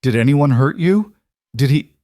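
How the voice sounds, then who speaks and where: A man reading a story voices a frightened young frontier mother who talks in a sharp, shaky, pleading way. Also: mid-range voice, expressive, unhurried, no room sound, studio quality, pitched above the performer's own voice, close to an everyday voice. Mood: anxious.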